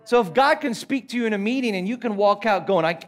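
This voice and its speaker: An Australian man preaching in a high, bright voice. He is earnest and emphatic at a church service, and he slips in light, playful asides. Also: fast talker. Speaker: pastor. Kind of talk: sermon.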